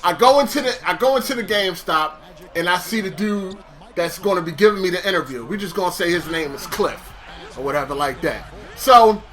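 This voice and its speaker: Animated high-voiced man telling a story. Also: brisk, soft background music. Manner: animated, swearing, laughing, acting out dialogue. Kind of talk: casual storytelling.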